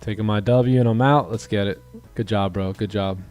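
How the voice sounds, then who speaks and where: A man hosting a live trading stream, encouraging his students and telling animated stories with voiced quotes. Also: normal speed, faint music behind. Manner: animated storytelling, acts out quoted dialogue in a higher voice; encouraging, motivational. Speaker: day-trading coach and stream host. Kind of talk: casual livestream chat.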